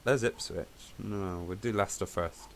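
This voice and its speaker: A man's voice: fairly low pitch, moderate pace, a little hiss or hum. A man hosting a gaming show in casual chat, easygoing and muttering to himself while looking for clips.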